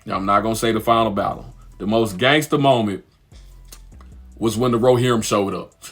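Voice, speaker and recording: A young man giving an animated, slang-heavy fan commentary, repeating lines for emphasis. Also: on the low side, moderate pace, soft background music. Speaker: vlogger.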